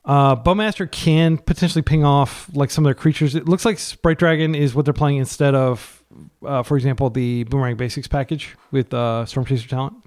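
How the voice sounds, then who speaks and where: A man giving casual, running commentary while playing an online card game. He gets excitable, pleads with his deck, and his voice jumps up when he is frustrated. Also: mid-range voice, fairly quick. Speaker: card game player and channel host.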